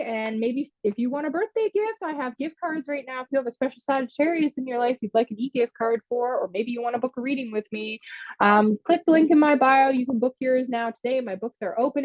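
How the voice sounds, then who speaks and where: A woman's voice: fairly high pitch, no echo, lo-fi sound. A woman giving a chatty live tarot reading, laughing often and answering viewer comments as she goes. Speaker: tarot reader.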